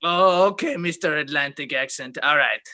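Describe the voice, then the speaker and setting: A snide, insulting shop clerk behind a returns counter, played by a man. His voice is high and very bright and sharp. He delivers sarcastic jabs in an improvised comedy scene over a video call. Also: normal speed.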